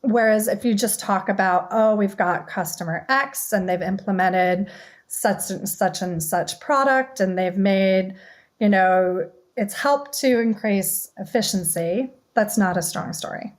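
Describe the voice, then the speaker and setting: A woman's voice: medium pitch, a little slow. A woman talks as a guest on a podcast interview, in a mid-range voice. She speaks fluently and upbeat, often adding "you know" and "right". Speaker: guest, communications head. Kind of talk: casual interview chat.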